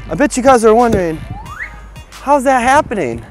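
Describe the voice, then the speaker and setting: Goofy, animated man hosting a kids' show. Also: extremely high pitch, moderate pace, faint music behind. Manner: bubbly, goofy and animated, talks to viewers directly. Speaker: children's show host. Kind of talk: kids' educational show presenting. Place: outdoors in a windy field.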